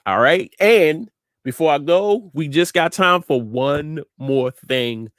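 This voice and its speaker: Man, show host, slow encouraging message, emphatic repetition, mid pitch, dry studio sound. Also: expressive, fairly bright tone, no echo. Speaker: host and inspirational speaker.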